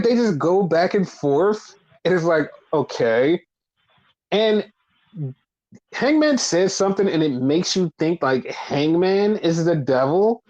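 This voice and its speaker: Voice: mid-range voice, takes it slowly, highs cut off. A podcast host recapping wrestling in casual chat, swearing freely and acting out what others said. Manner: animated, swears often, acts out quotes.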